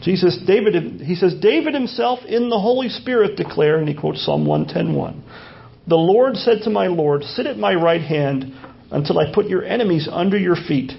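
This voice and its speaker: A pastor with a high-pitched voice and vocal fry preaches at normal speed, teaching through a passage. He repeats phrases and poses rhetorical questions, captured in a dull lo-fi sermon recording.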